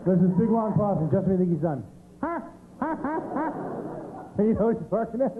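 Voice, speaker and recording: A man spins everyday stand-up stories in a conversational way, checking in with the audience. His voice sits high and moves a lot, and the recording is thin and phone-like with steady noise. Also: unhurried. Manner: conversational storytelling, asks the audience questions. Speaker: stand-up comedian. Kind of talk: stand-up routine. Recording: tinny, noisy 90s TV recording.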